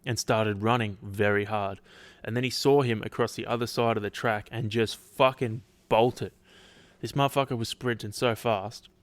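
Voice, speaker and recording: A man's voice: lowish voice, steady tone, normal speed, no room sound. Laid-back podcast guy, rambling. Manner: rambling, swears casually, many restarts. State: dry throat. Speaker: podcast host. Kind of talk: casual solo podcast chat.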